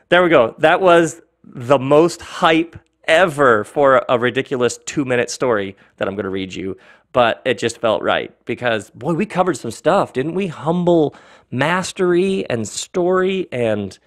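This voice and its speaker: Brief: male podcast host, jokey and lively, reading a nonsense tale. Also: mid-range voice. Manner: animated, joking, laughs often. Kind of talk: playful monologue and reading aloud.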